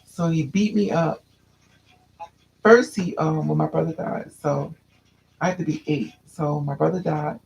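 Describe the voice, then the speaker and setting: Man, fairly high gravelly voice, recounting a painful past in a candid, halting way. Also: steady tone, a little mellow, rough recording. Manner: candid, restless, repeats and restarts phrases. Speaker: storyteller. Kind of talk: personal storytelling to a listener.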